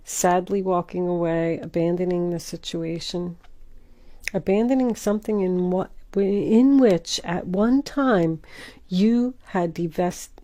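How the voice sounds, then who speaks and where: A woman's voice: lowish voice, normal speed, warm tone. Emphatic woman giving a tarot reading. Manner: emphatic, repetitive, addresses viewer directly. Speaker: tarot reader. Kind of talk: casual tarot reading to camera.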